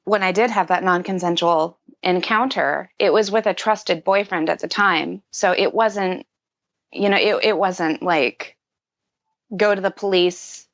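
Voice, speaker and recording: A woman's voice: lowish voice, measured pace, fairly bright tone. A woman in her thirties, a podcast guest, speaking candidly and reflectively in casual conversation, with many fillers. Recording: dull lo-fi audio.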